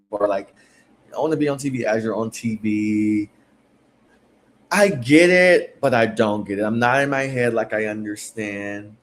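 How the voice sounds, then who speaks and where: A man's voice: fairly low pitch, a little hiss or hum. Rambling man recapping reality TV. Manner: chatty, rambling, full of fillers. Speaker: podcast host.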